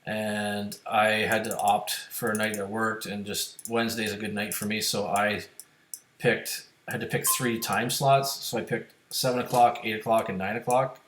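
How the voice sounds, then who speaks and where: A man's voice: fairly low pitch, little pitch movement, normal speed, a bit bright, reverberant, a little hiss or hum. A man casually talking to his viewers while playing online poker, thinking aloud about hands and chip stacks. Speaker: poker streamer. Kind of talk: casual live-stream commentary.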